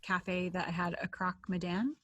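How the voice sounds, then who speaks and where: A woman co-hosting a podcast in casual chat, telling relaxed stories and laughing along the way. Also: lowish voice, normal speed. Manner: relaxed storytelling, laughs at her own stories. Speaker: podcast co-host.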